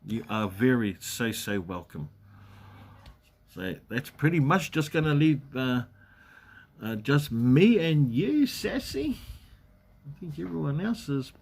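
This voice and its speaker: Aussie guy rambling on a live stream, bit husky, says hi to everyone in chat. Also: fairly high pitch, sing-song, takes it slowly. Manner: chatty, rambling, greets viewers by name. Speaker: livestream host. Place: at home in Western Australia.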